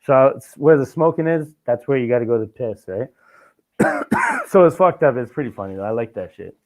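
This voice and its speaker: A man's voice: medium pitch, brisk. Profane Canadian man telling stories. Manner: profane, animated storytelling with mimicked dialogue. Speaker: podcast host. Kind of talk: casual chat.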